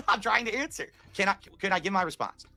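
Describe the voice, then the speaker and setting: A man's voice: sits high, expressive, brisk, bright, forceful tone, soft background music. A man arguing in a heated debate, staying insistent while being interrupted, heard in a played clip. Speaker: debate guest.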